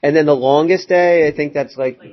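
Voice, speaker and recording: A male math teacher giving a casual classroom lecture, rambling a little with fillers and quick asides to his students. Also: fairly high pitch. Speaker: high school math teacher. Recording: dull lo-fi classroom recording.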